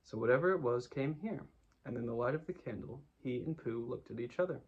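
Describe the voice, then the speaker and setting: A man reading a children's book aloud in a calm storytelling manner. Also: medium pitch, brisk, breathy edge, highs cut off. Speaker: narrator.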